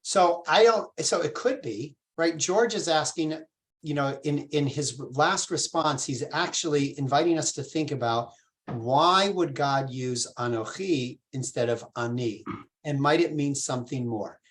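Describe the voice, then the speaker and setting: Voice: medium pitch, measured pace. Rabbi teaching a casual text class; patient, informal, asks the group questions. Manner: informal, with fillers and restarts. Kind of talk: conversational Torah class.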